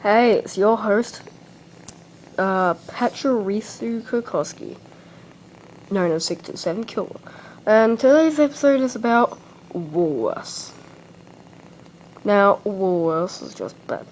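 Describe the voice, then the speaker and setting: A woman's voice: medium pitch, expressive, takes it slowly, long pauses, a little mellow, slight background noise, low-quality recording. An Australian woman hosting a homemade comedy show, telling a rambling story that keeps repeating "and then I'm like". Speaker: host. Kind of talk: rambling comic anecdote.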